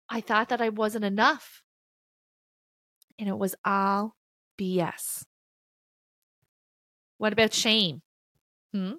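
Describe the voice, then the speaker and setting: A woman of middle pitch gives an earnest motivational spiritual talk as a podcast host. She stresses her points by repeating phrases and drops blunt, casual swears. The sound is close and dry, with no room around it. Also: fairly bright tone, no echo. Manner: repeats key phrases for emphasis.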